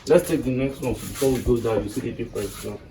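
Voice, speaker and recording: A man's voice: mid-range voice, quick pace. Nigerian guy teaching english, keeps asking the class stuff, roomy echo, a bit of noise. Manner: quizzes the class with questions. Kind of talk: classroom lesson. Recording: echoey classroom, mic far off, faint noise.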